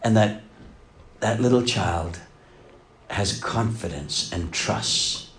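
A middle-aged pastor preaching a sermon, dropping to hushed lines and then swelling to loud, emphatic passages. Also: male voice, fairly low pitch, lively intonation, slow, a little hiss or hum.

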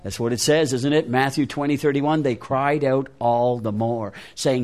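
A man's voice: medium pitch, fairly even intonation, moderate pace, few pauses, darkish tone. A man preaching an interactive sermon, making emphatic, repeated appeals to his listeners.

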